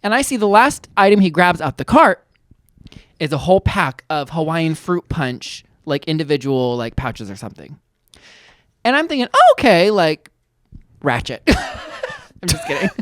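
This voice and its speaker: A young adult woman co-hosting a podcast, in a casual chat, telling a story in an animated, playful way with acted-out quotes. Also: low-pitched, normal speed, no echo, studio quality. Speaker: podcast co-host.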